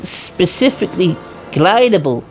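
A woman giving loud, profane, playful let's-play commentary. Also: lowish voice, big pitch swings, unhurried. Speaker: gaming streamer. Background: game music.

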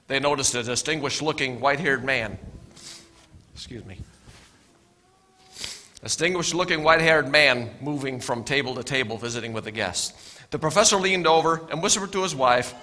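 A middle-aged male pastor preaching a sermon with storytelling, earnest, often repeating his words and dropping to soft asides. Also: mid-range voice, normal speed, long pauses.

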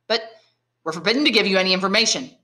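A woman's voice: medium pitch, racing, bright, forceful tone, natural voice. A woman reading the lines of a curt, dismissive male police guard.

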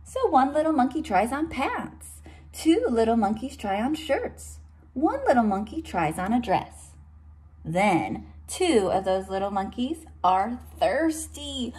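Teacher lady reading a kids book, slow and super expressive, explains words as she goes. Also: on the high side. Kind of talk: children's read-aloud with explanations.

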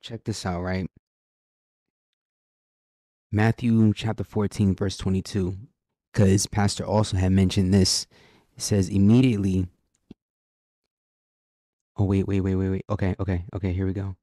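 A man's voice: low-pitched, little pitch movement, normal speed, long pauses, warm tone, dry recording. A man co-hosting a faith podcast, reading scripture and urging listeners with preacher-like repetition. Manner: preacherly, reads scripture aloud, urgent repetition. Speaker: podcast co-host. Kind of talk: faith-based podcast exhortation.

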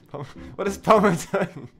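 Young male streamer, giggly and excitable, animated pitch, slow easy delivery. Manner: giggly and excitable, thinking aloud to viewers. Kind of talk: casual game-stream chatter. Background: faint background music.

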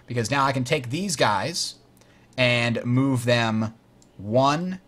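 A man's voice: medium pitch, animated, slow pace, a bit bright. Man explaining a board game. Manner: explanatory, frequent uh fillers, self-correcting. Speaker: host teaching a board game. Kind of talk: tutorial while playing.

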